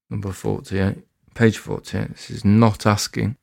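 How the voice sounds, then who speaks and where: A man performing deadpan spoken-word comedy, reading his own short pieces at a late-night recording session. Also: fairly low pitch, vocal fry. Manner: slow, dry and understated.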